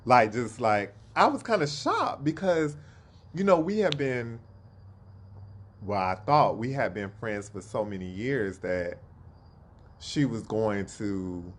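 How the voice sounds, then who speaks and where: A man casually telling a story, animated, acting out quotes and laughing at himself. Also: fairly low pitch, slow pace, a little hiss or hum. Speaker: storyteller guest.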